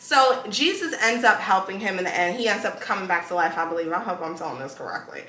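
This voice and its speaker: A woman's voice: medium pitch, expressive, quick pace, sharp tone, reverberant. A woman hosting a podcast, telling stories casually with slang and laughter. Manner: loose storytelling with slang and laughs. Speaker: podcast host. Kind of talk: casual chat.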